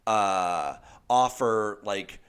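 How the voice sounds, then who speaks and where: A man's voice: lowish voice, very slow, smooth. A man co-hosts a podcast in an easygoing, chatty way. He lays out firm opinions while filling his talk with "like" and "uh". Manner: relaxed, many fillers, opinionated. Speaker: podcast co-host. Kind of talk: casual recap chat.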